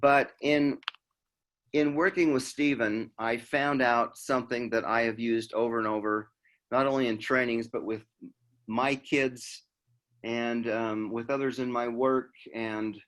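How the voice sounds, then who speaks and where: Middle-aged guy from utah, trainer telling a story, talks casual, acts out the lines, normal pitch. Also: fairly even intonation, measured pace, a bit bright. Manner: conversational, acts out dialogue. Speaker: law enforcement trainer.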